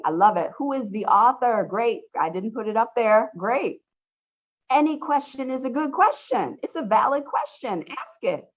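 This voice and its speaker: A woman instructor leading an online study workshop, upbeat and encouraging, often saying how much she loves her students' questions. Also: on the high side. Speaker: college instructor. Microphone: video call. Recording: dull lo-fi video call audio.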